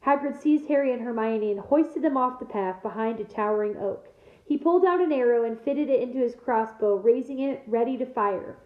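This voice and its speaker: A woman teacher reading a novel aloud to her class, in a steady storytelling manner with small slips. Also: a little high, fairly quick. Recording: echoey room, tinny phone-like sound.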